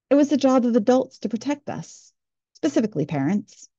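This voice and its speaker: A woman narrating a personal story in an earnest, reflective way, slowing down on heavy lines. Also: medium pitch, dark tone, dry recording. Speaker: storyteller and show host. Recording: slightly muffled, dry recording.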